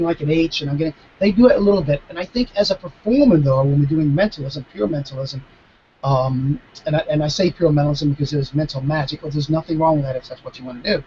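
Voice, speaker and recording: A man in his fifties talks with a high-set voice, building his points with emphatic, animated storytelling and quick restarts. The sound comes over a muffled video call with a faint hiss underneath. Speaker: mentalist guest. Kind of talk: live video Q&A, conversational explanation.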